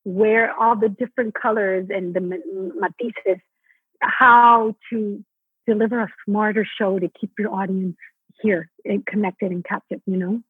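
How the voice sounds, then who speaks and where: Her voice is slightly rough and measured in pace, with no echo on a tinny, phone-like line. The woman, a Broadway actress originally from Mexico, speaks animatedly in an interview, acting out quotes with pitch shifts.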